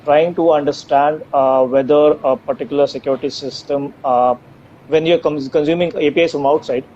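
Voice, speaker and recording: A man answering live questions about his company's technology, hesitating often with fillers and restarts. His voice is mellow and warm. The audio is dull and lo-fi, over a video call with a faint hiss behind it. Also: a little high, steady tone, normal speed. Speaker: AI company co-founder guest.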